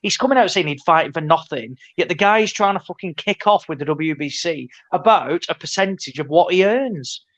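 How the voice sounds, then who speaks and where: A man's voice: a little high, animated, normal speed, few pauses, a bit bright, muffled recording. A man telling stories in casual podcast banter, hesitant with many fillers. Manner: hesitant, filler-heavy storytelling. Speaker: podcast co-host.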